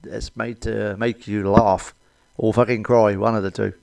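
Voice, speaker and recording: A man's voice: fairly low pitch, little pitch movement, measured pace, vocal fry, a little mellow, dry recording. Crude, blunt British man telling jokes. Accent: British English. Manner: swears a lot, blunt and cheeky. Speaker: stand-up comedian. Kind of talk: crude stand-up comedy monologue.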